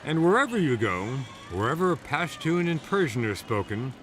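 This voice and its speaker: Lively-voiced male news narrator. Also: fairly high pitch, moderate pace, slight background noise. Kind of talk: scripted documentary narration.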